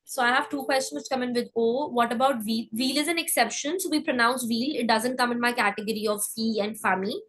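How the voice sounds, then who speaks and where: A woman giving a live online French class, breaking words down and repeating them slowly, often checking in with "okay?". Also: fairly high pitch, fairly bright tone, poor audio. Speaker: French teacher.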